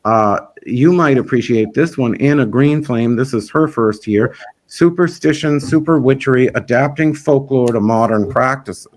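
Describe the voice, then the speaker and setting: A man's voice: mid-range voice, normal speed. A man who organizes a festival, chatting in an interview in a rambling, frank and opinionated way. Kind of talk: casual interview chat.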